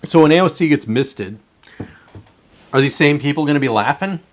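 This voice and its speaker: A man's voice: on the high side, expressive, moderate pace. Man, live-stream host, casual commentary, rambling, profane, reads chat aloud.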